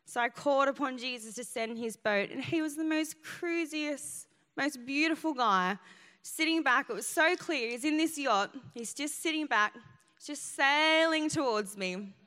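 A woman's voice: high voice, measured pace, bright, forceful tone. A woman pastor preaching a sermon, telling a personal story in an emphatic way. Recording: long hall reverb.

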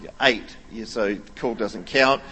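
A man in his thirties preaching a sermon as a pastor, telling stories animatedly and at times rising almost to a shout. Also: lowish voice, measured pace, slight background noise. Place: large church hall. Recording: long reverb of a large hall.

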